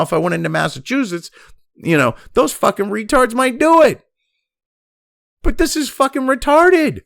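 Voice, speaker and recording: A man's voice: very high voice, creaky, fairly bright tone, no echo, studio quality. A man hosting a profane political rant, reading news aloud and then angrily mocking it. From United States. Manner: angry, crude, mocking, reads news then rants. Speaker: political commentary host.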